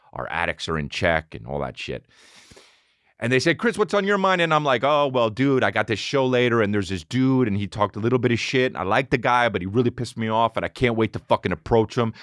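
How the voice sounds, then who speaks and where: A man in his thirties hosting a podcast, telling a profane, animated story and acting out both sides of a conversation. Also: lowish voice, dry recording, studio quality. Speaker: podcast host. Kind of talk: casual comedic storytelling.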